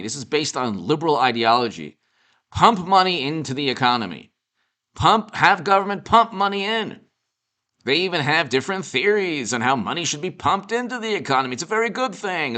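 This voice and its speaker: A man's voice: mid-range voice, sharp tone. A man giving off-the-cuff political commentary, mocking and sarcastic, rambling with restarts. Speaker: political commentator and show host.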